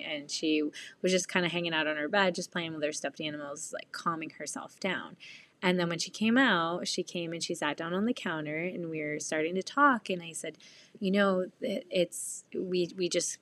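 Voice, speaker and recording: Chatty mom, low voice, dry sound. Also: female voice, fairly bright tone, dry recording. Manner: chatty storytelling with frequent laughs. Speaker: mom vlogger. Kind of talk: casual chat.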